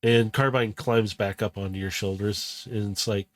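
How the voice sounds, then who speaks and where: A man's voice: on the low side, fairly even intonation, moderate pace, few pauses. A man narrating a tabletop role-play game as game master, casual and rambling with frequent restarts. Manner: casual, rambling, self-correcting.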